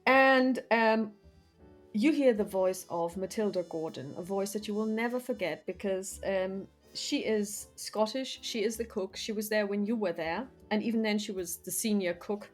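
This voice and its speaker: A woman narrating a tabletop role-playing game as game master, descriptive, with frequent ums and soft asides. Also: mid-range voice, moderate pace, soft background music.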